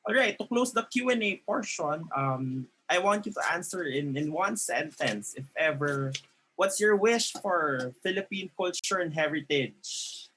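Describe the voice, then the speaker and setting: A man's voice: fairly high pitch, expressive, a little slow, bright, forceful tone, slight background noise, rough recording. A man moderating an online panel, polite and hesitant, with frequent fillers. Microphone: video call.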